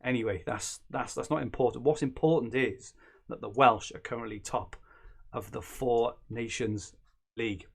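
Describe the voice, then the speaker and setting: A man's voice: mid-range voice, moderate pace, gravelly, husky. Rambling, joking podcast man. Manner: rambling, self-correcting, joking. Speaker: podcast co-host. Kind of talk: casual banter.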